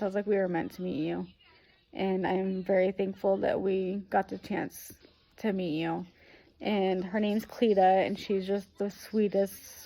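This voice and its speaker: A woman's voice: medium pitch, vocal fry, dark tone. A young woman vlogger retelling a hard weekend in a rambling, emotional way, full of fillers. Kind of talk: casual storytelling.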